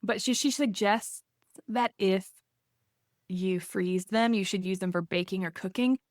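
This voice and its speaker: A woman at a middle pitch chats casually as a podcast co-host, rambling a bit with plenty of likes and ums. Her voice sounds close and dry, with no echo. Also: unhurried.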